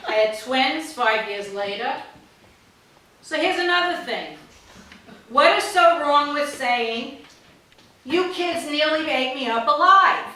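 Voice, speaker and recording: A woman in her sixties from New York, telling stand-up stories in a blunt, deadpan way and swearing freely. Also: high-pitched, slow, pauses often. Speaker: stand-up comedian. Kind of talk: stand-up storytelling. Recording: very echoey hall, distant mic, faint noise.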